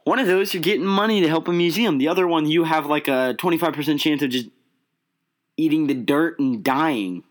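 A man's voice: fairly high pitch, a little fast. A man giving casual, sarcastic, exasperated commentary while reacting to a film. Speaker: reaction video host.

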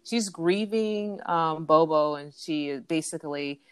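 A woman co-hosting a casual chat, recapping a TV episode in a relaxed way, with many fillers. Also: low voice, slow pace, clear, resonant tone, no room sound. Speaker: podcast co-host recapping a TV episode.

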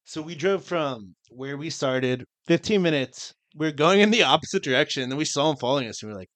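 A man's voice: on the high side, expressive, fast talker, a bit bright, no room sound. A young man co-hosting a podcast, telling a story in casual chat with lots of swearing and acted-out quotes. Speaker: podcast co-host.

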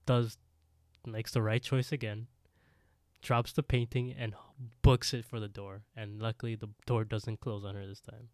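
A man co-hosting a podcast, recapping a TV episode in animated, casual storytelling and laughing often. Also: on the low side, no room sound, studio quality. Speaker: podcast co-host.

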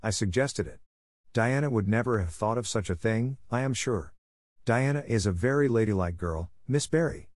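A man's voice: medium pitch, moderate pace, a little mellow, dry recording, clean studio sound, close to an everyday voice. A man voicing an eager, dramatic young girl who talks in an earnest, impulsive, pleading way.

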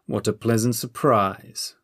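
A man voicing a cold, imperious sorcerer lord. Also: lowish voice. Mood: cold menacing. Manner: icy, imperious, drawn-out threats. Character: cold menacing masked male sorcerer lord.

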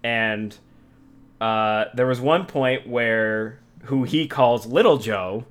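A man's voice: mid-range voice, takes it slowly, smooth. A young man hosting a casual chat show, telling a rambling, profanity-laced story with many restarts. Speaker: podcast host.

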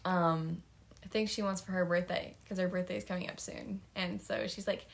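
A woman's voice: lowish voice, steady tone, normal speed, creaky. A young woman co-hosting a podcast in casual chat, rambling with lots of fillers and giggles. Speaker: podcast co-host.

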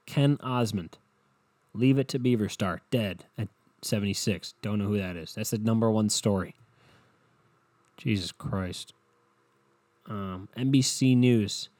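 A man's voice: lowish voice, unhurried, long pauses, darkish tone, no echo. A young man hosting a solo podcast, rambling in a profane, sarcastic, offhand way. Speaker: podcast host. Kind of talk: casual solo podcast rant.

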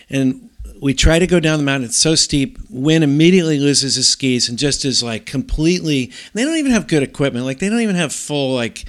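A middle-aged man co-hosting a podcast, telling a long story in a rambling, animated way with many restarts. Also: fairly high pitch, a little fast. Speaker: podcast co-host. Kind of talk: casual storytelling chat.

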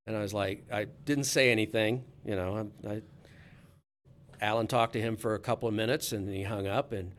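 A man's voice: fairly low pitch, steady tone, fairly quick, a little hiss or hum. A man, a sports reporter, telling a casual anecdote in a chatty, easygoing way with frequent restarts.

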